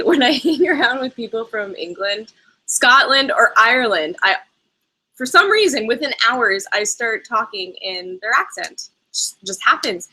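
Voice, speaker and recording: A bubbly woman chatting live with her viewers about travel. Her voice is bright and forward, and she laughs often between her easy, casual answers. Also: on the high side, sing-song, a little slow, low-quality recording. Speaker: travel vlogger host. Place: lives in Canada.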